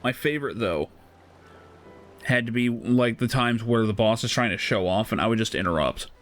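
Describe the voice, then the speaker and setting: A man's voice: lowish voice, normal speed, a bit bright, faint music behind. A man streaming a game, casually telling a story with frequent laughs and swearing. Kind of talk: casual storytelling while gaming.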